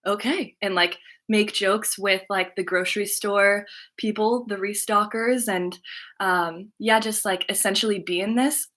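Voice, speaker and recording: A woman at a middle pitch tells a personal story in a casual spiritual vlog. She is chatty, fills her sentences with "like", and laughs now and then. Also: fairly even intonation, measured pace, fairly bright tone. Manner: chatty, lots of "like" fillers, laughs while talking. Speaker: spiritual channeler and content creator.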